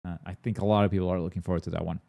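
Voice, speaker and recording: Rambling excitable male streamer, dry sound. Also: low voice, very fast, gravelly, no echo, highs cut off. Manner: rambling and excitable, lots of fillers and blunt swearing. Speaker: host of a gaming and anime news stream. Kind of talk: casual chat.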